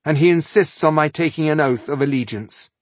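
A man's voice: a little high, brisk, dry recording, pitched above the performer's own voice, lightly acted. A man reading an audiobook, voicing a weary, stubborn young queen who speaks dully and resigned. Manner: dull, resigned.

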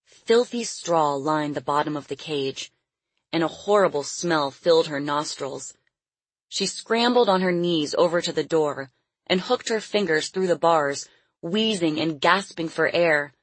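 Audiobook narrator, woman, low husky voice, dry and close. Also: lively intonation, a little slow, dry recording. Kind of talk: scripted narration.

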